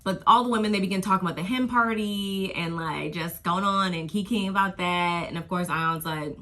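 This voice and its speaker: A woman vlogger talks through a reality show episode in a loose, gossipy way, tossing in slang as she goes. Her voice sits a little low yet comes across bright and forceful. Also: moderate pace. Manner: gossipy, slangy, drifts into quoting people. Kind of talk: casual chatty episode recap.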